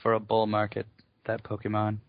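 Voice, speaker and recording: A man's voice: on the low side, monotone, brisk, no room sound. Man tossing off dry quips, lo-fi. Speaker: podcast co-host. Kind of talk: casual chat. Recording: dull lo-fi dry recording.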